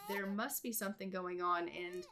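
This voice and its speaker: A woman's voice: on the low side, steady tone, normal speed, background noise. A woman narrating a life-simulation game as an ongoing story, chatty and rambling, often repeating herself. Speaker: gameplay narrator. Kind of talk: life-sim let's play storytelling.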